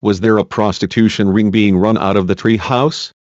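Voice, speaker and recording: A man's voice: lowish voice, steady tone, moderate pace, darkish tone, no echo, natural voice. A man voicing a persistent female defense lawyer who asks pointed, repeated questions in a deposition. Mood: pressing. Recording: dull lo-fi dry recording.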